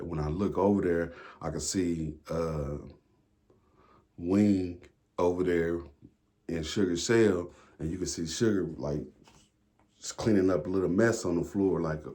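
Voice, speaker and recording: A man with a very deep voice and a dark, mellow tone tells a story in a loose, rambling way. He drops slang, swears freely and keeps circling back with fillers. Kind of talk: casual storytime monologue.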